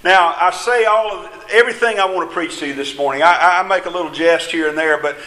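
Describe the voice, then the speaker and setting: A man's voice: high-pitched, fast, bright, forceful tone, reverberant, low-quality recording. A man preaching a sermon in a folksy, emphatic way, with small jests along the way.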